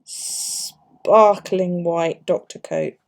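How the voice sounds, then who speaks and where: A middle-aged Englishwoman with a fairly low voice draws out her words. She chats casually, swearing freely, as she works on her bullet journal and tells stories.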